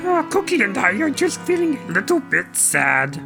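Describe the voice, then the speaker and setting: A man's voice: extremely high pitch, huge pitch swings, moderate pace, gravelly, over music, heavily acted. A man voicing a fretful, fussy male monster puppet character in a comedy podcast skit. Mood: worried.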